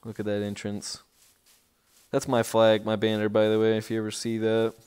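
A man giving casual, rambling commentary on a tour of his game village, easily excited and breaking into sudden outbursts. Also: fairly low pitch, normal speed, clean tone.

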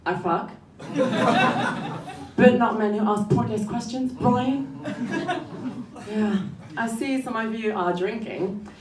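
A woman's voice: a little high, expressive, slow pace, long pauses, very noisy. A young woman doing a stand-up comedy set, telling dry one-liners and laughing at her own jokes. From France. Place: comedy club stage. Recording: echoey room, voice from a distance. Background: audience laughter.

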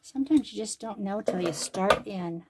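A woman's voice: mid-range voice, moderate pace, very noisy. A woman making things at home and talking to herself as she works, chatty and thinking aloud, now and then dropping to a whisper. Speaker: crafting vlogger. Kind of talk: casual talk to herself while crafting. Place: home craft room.

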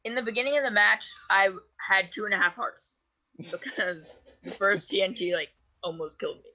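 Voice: mid-range voice, normal speed, sharp tone. A gamer casually chatting during play, joking and teasing, heard over a muffled voice chat.

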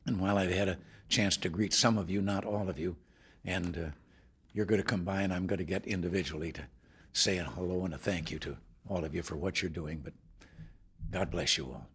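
Man in his 70s, slightly low husky voice, telling a relaxed folksy anecdote to luncheon guests. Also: a little fast. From United States. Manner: folksy storytelling with chuckles. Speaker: president addressing luncheon guests. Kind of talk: after-lunch speech with anecdote. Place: formal dining room indoors.

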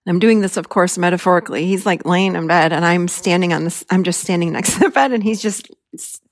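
A woman's voice: fairly low pitch, fast talker, dry recording, studio quality. A middle-aged woman hosting a podcast, telling a personal story as a lesson and acting out her own past lines with animation. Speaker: podcast host and therapist.

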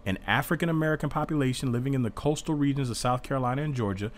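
A man's voice: medium pitch, rapid-fire. A man teaching an informal Bible study in an earnest, defensive way, reading passages aloud and explaining them.

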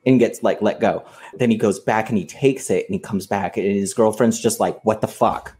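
Low, mellow-voiced man telling a story. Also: normal speed. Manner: animated retelling, acts out quoted lines, swears casually. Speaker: podcast co-host. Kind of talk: casual storytelling chat.

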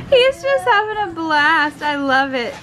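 A young mother with a very high voice giggles and coos affectionately at her baby while she films around her home. She talks slowly and unhurriedly, and there is clear background noise on the handheld home-video recording. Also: a bit bright. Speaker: mother filming her family. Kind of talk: casual home vlog. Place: family home kitchen and living room.

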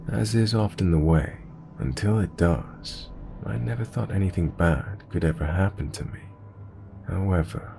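A man narrating a scary story in a steady, measured reading voice. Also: sits low, vocal fry. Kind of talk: scripted narration.

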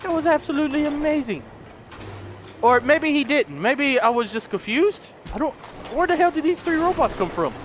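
A young man doing let's play commentary, excitable, yelping and swearing at the enemies he fights. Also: extremely high pitch, moderate pace, slight background noise. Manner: excitable, yelps and shouts at the game; swears, trash-talks enemies. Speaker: gaming YouTuber.

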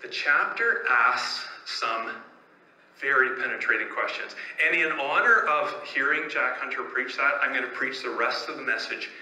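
A man's voice: medium pitch, normal speed, sharp tone. A man preaching a sermon as pastor, telling stories and asking rhetorical questions in a conversational way. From Canada. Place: church sanctuary. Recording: echoey church room, faint ambience.

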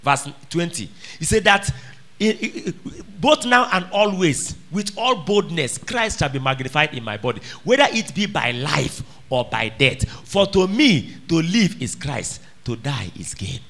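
Man, sermon, high voice, very animated, bright tone, emphatic questions. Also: a little slow, creaky. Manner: emphatic, calls out questions to the congregation. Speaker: preacher.

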